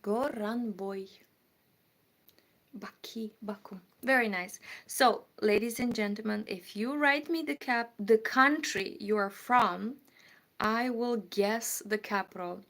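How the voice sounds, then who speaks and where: A woman's voice: a little high, measured pace, fairly bright tone. A woman from Moldova, hosting a casual livestream and chatting as she reads out viewer comments and answers them. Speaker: livestream host. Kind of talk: casual live-stream chat.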